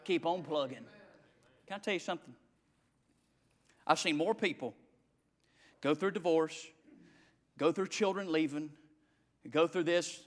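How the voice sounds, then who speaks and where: A male pastor preaching a sermon, swinging from shouts to hushed tones in a repetitive cadence. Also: on the high side, a little slow, long pauses. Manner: dramatic swings from shouting to hushed near-whispers.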